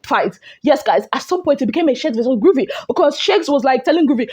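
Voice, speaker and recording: A woman with a Nigerian accent, a gossip vlogger giving a dramatic, animated recap of a reality show and acting out the quotes. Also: high voice, quick pace, hardly any pauses.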